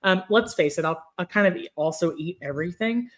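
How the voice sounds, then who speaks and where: A woman's voice: fairly low pitch, brisk. Giggly woman podcast host. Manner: laughs often, asks guests questions. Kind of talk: casual chat.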